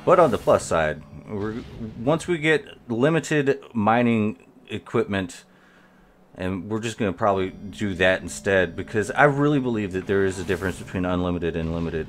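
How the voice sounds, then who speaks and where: Low-voiced man streaming gameplay. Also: a little hiss or hum. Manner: rambling, talks to viewers while playing. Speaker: game streamer. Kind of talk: live gameplay commentary.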